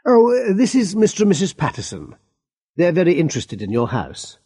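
A man's voice: high-pitched, huge pitch swings, brisk, warm tone, breathy edge, no echo, voice pushed up, exaggerated voice. A man voicing a flustered, polite male estate agent who keeps apologizing and hesitating. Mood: apologetic.

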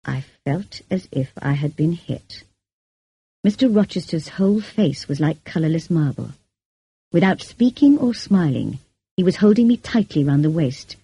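A woman reads an audiobook in a measured, even manner. Her voice sits low and sounds mellow and a touch husky. The recording is close and completely dry. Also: dry recording. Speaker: narrator. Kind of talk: audiobook reading.

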